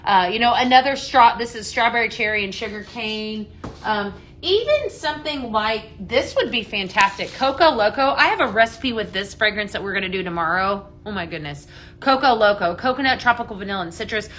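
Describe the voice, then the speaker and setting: A woman's voice: mid-range voice, animated, brisk, a bit bright, slight background noise. A chatty woman hosting a casual live-stream product demo, a little out of breath, reading viewer comments aloud as she talks. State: a bit out of breath. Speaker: home fragrance seller hosting a live stream.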